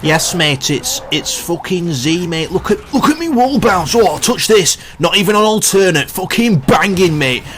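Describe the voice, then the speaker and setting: Ein Mann als großmäuliger junger Zocker, der pöbelt und prahlt. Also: male voice, sits high, lively intonation, a little slow, few pauses, a bit bright, slight background noise, pitched above the performer's own voice. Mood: taunting. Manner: brash taunting, calls everyone mate. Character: cocky young male trash-talking gamer. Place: at home on a gaming mic.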